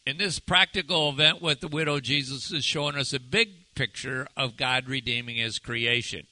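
A man preaching a sermon, asking his listeners one rhetorical question after another and turning soft and slow to stress key words. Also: medium pitch, steady tone, no echo, rough recording. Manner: asks the audience many rhetorical questions. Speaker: pastor.

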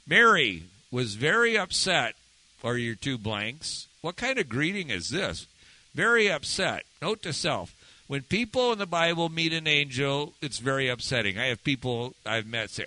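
Animated, bright-voiced male preacher. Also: normal speed, no echo, poor audio. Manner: conversational, asks listeners questions, swings pitch for emphasis. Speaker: pastor. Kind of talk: sermon.

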